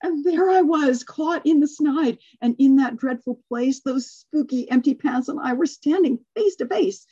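A woman reading a rhyming children's story aloud with lively expression, then leading a group discussion over a video call and laughing often. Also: high voice, a little slow, hardly any pauses, highs cut off. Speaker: workshop facilitator.

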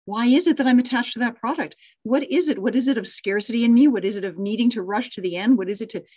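A woman's voice: a little high, quick pace, a little mellow, no echo, highs cut off. A middle-aged woman leading a live online class on storytelling, praising students and thinking aloud with restarts and small laughs. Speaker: course instructor.

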